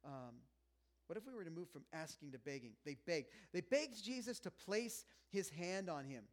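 A man delivers a sermon in a loose, conversational style, joking with the congregation. His voice sits a little higher than most men's. He swings from near hushes up to loud, pressing emphasis. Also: expressive, normal speed. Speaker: pastor.

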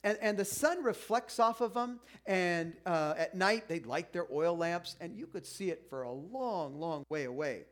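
A middle-aged pastor with a noticeably high voice delivers an informal sermon. He speaks conversationally, stumbling and restarting mid-sentence, and slips into the voices of doubting listeners to make his point. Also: lively intonation, fairly bright tone. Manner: informal, halting with restarts, acts out listeners' objections.

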